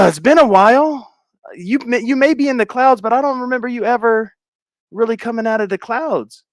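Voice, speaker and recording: A man's voice: very high-pitched, normal speed, dry recording, studio quality. A middle-aged man hosting a livestream, chatting casually with viewers in a playful, teasing way and laughing often. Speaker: livestream host. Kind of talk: casual chat reading viewer comments.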